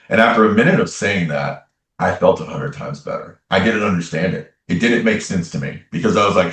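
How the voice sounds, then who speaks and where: A man with a very low voice tells a personal story as an interview guest. He speaks earnestly and repeats key phrases for emphasis. He sounds a little distant from the mic, in a room with noticeable echo. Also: quick pace, fairly bright tone. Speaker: interview guest, tarot reader and medium.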